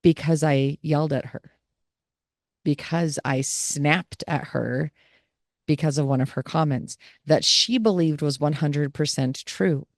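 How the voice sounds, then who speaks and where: Woman host, reflective caregiver monologue, low gravelly voice, dry close sound. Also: unhurried, dry recording. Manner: candid, reflective storytelling. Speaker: podcast host and family caregiver.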